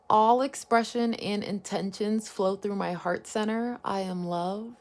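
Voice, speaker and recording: A woman's voice: mid-range voice, fairly even intonation, a little slow. Casual, musing woman tarot reader. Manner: meandering, informal, musing aloud, swears casually. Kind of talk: intuitive pick-a-card reading.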